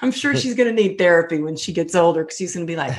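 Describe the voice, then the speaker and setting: A woman's voice: fairly low pitch, expressive, fast talker. A middle-aged woman guest telling her own story in a candid, emotional way, full of fillers. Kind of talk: personal storytelling interview.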